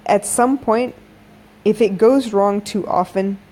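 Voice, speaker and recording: A woman's voice: medium pitch, slow, mellow. Chatty woman hosting a late-night podcast. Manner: chatty, frank, addresses listeners as y'all. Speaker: podcast host. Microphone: phone-recorded live audio.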